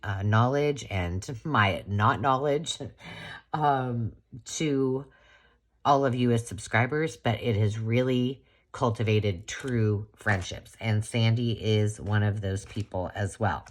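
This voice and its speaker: A woman's voice: a bass voice, slow. A woman hosting a crafting channel, chatting casually and gushing as she unboxes a gift.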